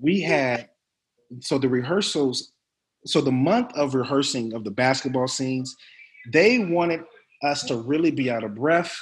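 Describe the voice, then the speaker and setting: A man, an actor as a guest, telling stories casually in an interview with lively, laughing delivery. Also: mid-range voice, unhurried. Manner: animated, laughing storyteller.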